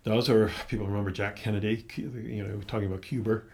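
Older American man with a gravelly low voice. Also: fairly even intonation, a little mellow. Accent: American, mild. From United States (Boston). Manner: reflective, meandering, unhurried storytelling. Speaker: pastor and interview guest. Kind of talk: casual conversation. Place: church office.

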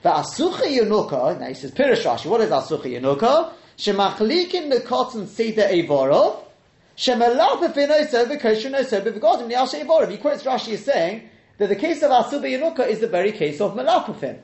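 A man teaching a Talmud class, questioning the texts out loud and mixing in Hebrew and Aramaic terms. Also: very high-pitched, sing-song, brisk, roomy sound.

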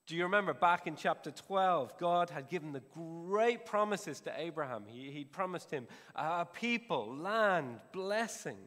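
A man preaches in a relaxed, conversational way, restarting phrases as he works through the passage. His voice sits a little high for a man, and the long reverb of a church hall trails behind each phrase. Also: a little slow, few pauses. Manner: conversational preaching with restarts, drops soft to pray. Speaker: pastor. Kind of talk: sermon.

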